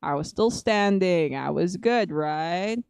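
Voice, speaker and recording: A woman streamer chats through a casual storytime from home, rambling and giggling often. Her voice is smooth and clear, heard close and dry with no room echo. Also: fairly low pitch, animated, slow pace, darkish tone.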